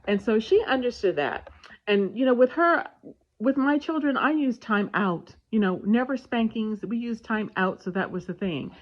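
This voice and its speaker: Lady w a high-ish voice telling a story about her kid, acts out the lines, kinda muffled lo-fi audio. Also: moderate pace. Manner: animated retelling with voiced dialogue. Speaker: parenting vlogger. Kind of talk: casual storytelling with parenting advice. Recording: dull lo-fi sound.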